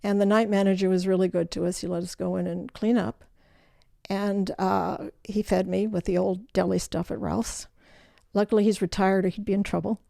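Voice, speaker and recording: Older woman, gravelly voice, animated storyteller, dry close sound. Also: medium pitch, normal speed, dry recording. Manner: animated storyteller who acts out quoted voices. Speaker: guest. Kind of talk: personal storytelling interview.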